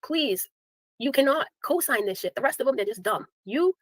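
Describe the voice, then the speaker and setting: A woman's voice: high voice, animated, normal speed, no echo, low-quality recording. A woman ranting sarcastically at her viewers on a live stream, scolding and calling them out.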